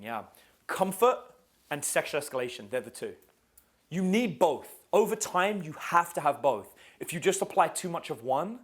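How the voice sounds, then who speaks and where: Animated male dating coach. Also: mid-range voice. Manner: casual, swears, quizzes the audience. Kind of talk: live seminar teaching.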